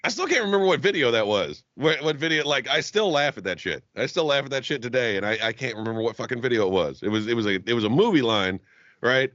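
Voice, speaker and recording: A man co-hosting a podcast in casual chat, animated and profane, laughing often. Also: medium pitch, fast, no room sound, dull audio. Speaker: podcast co-host.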